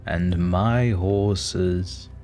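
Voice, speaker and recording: An actor playing a sinister undead count disguised as a coach driver, speaking in a slow, menacing, drawn-out manner in an audio drama. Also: male voice, deep voice, fairly even intonation, darkish tone, faint music behind, exaggerated voice.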